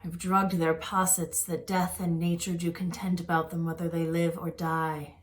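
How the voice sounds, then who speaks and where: A woman's voice: lowish voice, flat delivery, normal speed, natural voice. A woman playing Lady Macbeth, a bold scheming noblewoman, tense and urgent and dropping to whispers, in an amateur Shakespeare reading.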